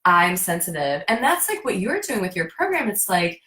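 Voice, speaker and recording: A woman talking as a guest in a casual conversation, effusive, acting out her own quoted thoughts in lively bursts. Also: fairly low pitch, moderate pace. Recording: roomy echo.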